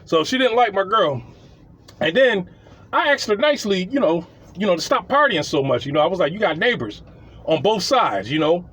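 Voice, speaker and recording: A man's voice: high-pitched, big pitch swings, brisk, a bit bright. A man telling a story about his tenants, blunt and profane, rambling and repeating himself. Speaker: landlord telling tenant stories. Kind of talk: casual storytelling.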